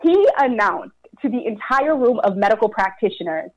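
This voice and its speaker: A woman's voice: medium pitch, animated, normal speed, lo-fi sound. A young adult woman performing a personal story with wry sarcasm and dramatic repetition.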